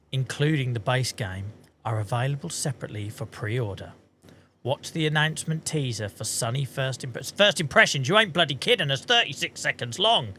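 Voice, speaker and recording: Bright and forceful, this fairly high male voice belongs to a man streaming a game. He chats casually, pokes fun at himself, and drops the occasional swear word in a relaxed livestream style.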